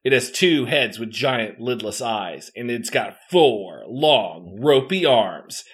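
Animated man reading a story aloud. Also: mid-range voice, takes it slowly. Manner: animated, laughing asides. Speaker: game narrator. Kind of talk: reading a gamebook aloud to friends.

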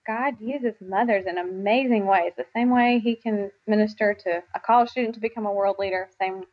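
A woman speaks at an average pitch, reflective and earnest, with an easy laugh. Her voice comes through a bit dull and lo-fi, as on a modest podcast recording. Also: steady tone, fairly quick. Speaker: guest. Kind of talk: faith podcast conversation. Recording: slightly dull lo-fi sound.

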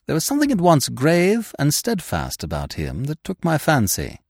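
A man narrating a classic story with an expressive, dramatic reading. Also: fairly high pitch, normal speed, vocal fry, dry recording, clean studio sound. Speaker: podcast narrator. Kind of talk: scripted audiobook narration.

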